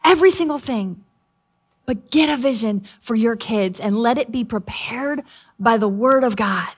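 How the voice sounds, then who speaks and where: A woman pastor preaching earnestly about raising children, often dropping to a soft voice. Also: on the high side, normal speed, breathy edge. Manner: earnest, soft-spoken exhortation. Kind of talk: sermon.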